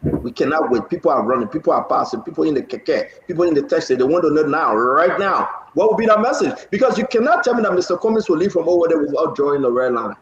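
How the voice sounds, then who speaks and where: Pushy high-voiced host, echoey. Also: male voice, lively intonation, fast. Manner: forceful, interrupting, pressing guests. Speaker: talk show host. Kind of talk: heated political talk show. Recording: echoey, dull lo-fi sound.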